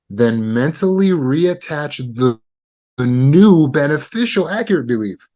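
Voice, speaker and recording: A man's voice: a little high, expressive, a little slow, mellow. Man teaching a self-help lesson. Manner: repetitive, instructive, walks through steps. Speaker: trauma recovery teacher.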